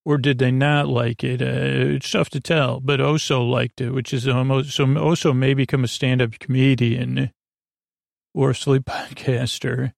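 A man hosting a sleepy bedtime podcast, rambling through an episode recap in an unhurried way with lots of fillers. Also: medium pitch, little pitch movement, gravelly, no echo, studio quality. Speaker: podcast host.

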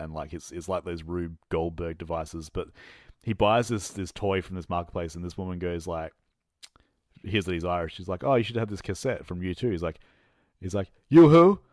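A man co-hosting a casual movie chat, telling the plot in a halting, rambling way with lots of fillers and restarts, laughing at his own jokes. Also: deep voice, no echo, studio quality. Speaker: podcast co-host reviewing movies.

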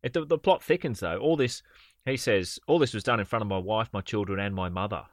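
A man's voice: fairly low pitch, fairly quick. A man, co-hosting a podcast and telling stories in a dry, sardonic way. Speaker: podcast co-host. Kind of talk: casual comedy chat.

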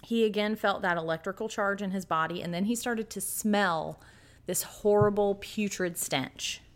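A woman's voice: medium pitch, normal speed. A woman podcast co-host telling a story dramatically in a casual chat, acting out the quotes.

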